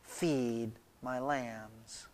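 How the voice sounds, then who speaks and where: A man acting out a gentle, probing male teacher who speaks low and hushed. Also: lively intonation, a little slow, big-room sound. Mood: quiet.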